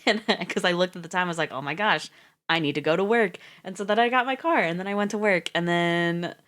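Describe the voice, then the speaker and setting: A woman streamer chatting casually on a reading livestream, rambling and chatty, laughing often and swearing freely. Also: fairly low pitch.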